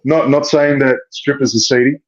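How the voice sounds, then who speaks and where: A man co-hosting a podcast, chatting in a halting, joking way with many restarts. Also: medium pitch, steady tone, highs cut off, slight background noise. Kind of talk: casual chat.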